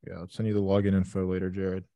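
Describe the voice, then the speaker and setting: Excitable swearing man on a livestream. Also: low voice, fast talker. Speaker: livestream trading host. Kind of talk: casual live-stream chat.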